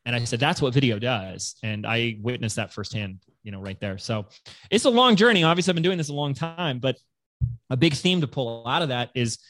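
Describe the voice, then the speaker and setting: A man's voice: medium pitch, expressive, fairly quick, a bit bright, no room sound. A man telling his business story in a casual interview, acting out other people's voices in quotes. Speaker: guest entrepreneur.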